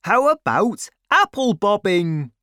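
A woman doing a lively, eager boy. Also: medium pitch, slow pace, clear, resonant tone, no echo, clean studio sound, voice pushed up.

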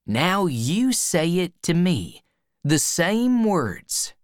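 A woman voicing an eager young boy in love in a storybook reading, a little above her own pitch. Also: sing-song, extremely slow, no room sound, studio quality, heavily acted. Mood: earnest.

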